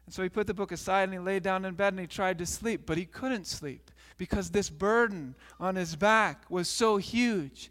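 High-voiced pastor in a reverberant hall. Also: male voice, moderate pace, hardly any pauses. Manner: animated storytelling, acts out characters. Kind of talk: sermon and children's story retelling.

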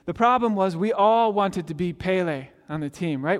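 A man's voice: high voice, expressive, normal speed, hardly any pauses, in a large hall. A man in his forties preaching a sermon in a conversational, storytelling manner, often restarting his sentences. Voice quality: conversational, self-interrupting storyteller. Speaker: pastor.

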